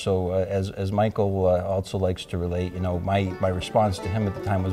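A man, an author, reminiscing about a friend in a hesitant way with many pauses and fillers. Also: low-pitched, steady tone, a little mellow, soft background music. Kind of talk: anecdotal reminiscence.

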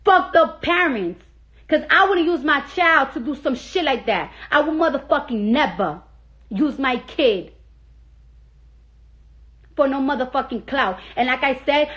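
A woman's voice: sits high, animated, a little slow, fairly bright tone. A young woman ranting heatedly into her phone on a live stream, swearing constantly and repeating herself for emphasis. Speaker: celebrity on a social media live stream. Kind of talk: angry profane rant.

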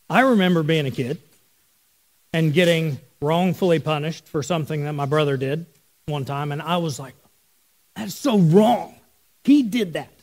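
High-voiced pastor telling a family story. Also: male voice. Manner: storytelling, conversational with the congregation. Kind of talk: sermon.

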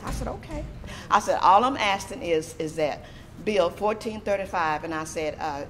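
A middle-aged woman from Texas, a disability advocate, telling a story in a lively, animated way with laughter. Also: fairly low pitch, slight background noise. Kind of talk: storytelling interview.

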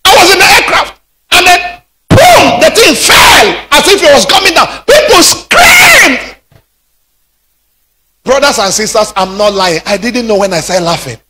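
A man preaching a sermon, rising into shouted peaks. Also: extremely high pitch, expressive, normal speed, very noisy. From Nigeria. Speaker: pastor.

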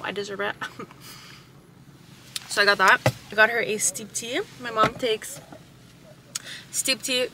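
Young woman, casual vlogger, higher voice, rambling filler-heavy chat, noisy recording. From Canada. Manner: chatty, rambling, giggly, lots of "like" and "um". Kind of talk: casual vlog chat to camera. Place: car, parked.

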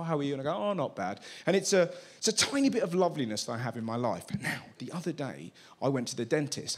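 A man in his thirties telling a stand-up comedy story, acting out the voices of people in it. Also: on the high side. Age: 30s. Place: comedy club stage with live audience. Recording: loud ambient noise.

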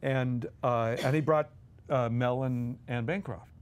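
Guest co-hosting a podcast, a man with a mid-range voice speaks at a measured pace. He brings his anecdotes to life with chuckles and acted-out voices.

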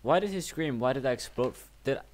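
A man giving excitable, rambling let's play commentary and swearing as he plays. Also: medium pitch, fast, slight background noise. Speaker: gamer.

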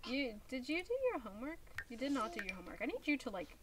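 A woman's voice: fairly high pitch, expressive, quick pace, hardly any pauses, noisy background. A young woman streaming a life-sim game, scolding her characters with exasperation. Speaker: gaming streamer. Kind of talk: casual gameplay commentary.

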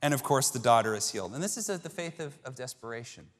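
A male pastor preaching a sermon, animated storytelling that acts out the voices of characters. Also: mid-range voice, fast. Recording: long reverb of a large hall.

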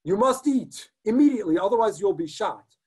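A man's voice: high voice, expressive, fairly quick, darkish tone, husky, pitched above the performer's own voice. A man voicing a cruel, roaring male SS officer in a dramatic story reading, barking out threats. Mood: threatening.

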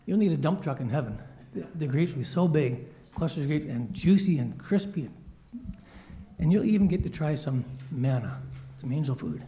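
A man telling a children's story in a church service, playful and animated, acting out quoted lines. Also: fairly high pitch, normal speed.

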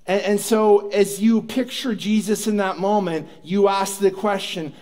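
Male pastor, sermon, storytelling, acted-out dialogue, slightly high pitch. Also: fairly even intonation, unhurried, darkish tone. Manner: storytelling, acts out quoted prayers and dialogue. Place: church sanctuary.

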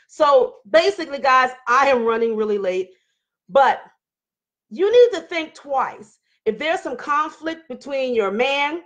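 A middle-aged woman hosting a live online talk show, reading viewer comments and preaching with fired-up energy, hollering at times. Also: mid-range voice.

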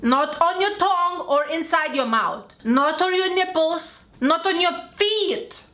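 A woman vlogging a heated, blunt rant about skincare, repeating herself and swearing, yelling at times. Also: very high voice, animated, a little slow, roomy sound. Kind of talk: angry ranting vlog.

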